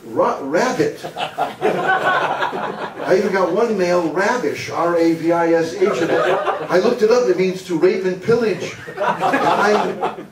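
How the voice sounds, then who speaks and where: An older man from the United States gives an animated storytelling talk on humor, laughing at his own jokes and sometimes slipping into a booming announcer voice. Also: unhurried, a crowd in the background. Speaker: motivational humor speaker. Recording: echoey hall, mic at a distance.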